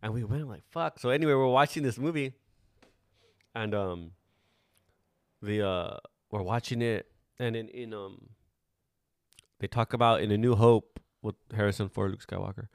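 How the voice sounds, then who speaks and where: A man's voice: lowish voice, normal speed, long pauses, dry recording, studio quality. A man in his forties, the host, chatting casually, rambling through stories and swearing often. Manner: laid-back, swears often, rambling storyteller. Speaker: podcast host. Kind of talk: casual chat.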